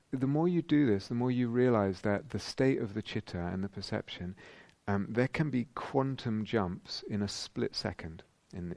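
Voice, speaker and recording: A man giving a thoughtful dharma talk as a meditation teacher at a retreat, pausing and restarting as he searches for words. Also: fairly low pitch, creaky, a little mellow, no echo. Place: retreat centre meditation hall.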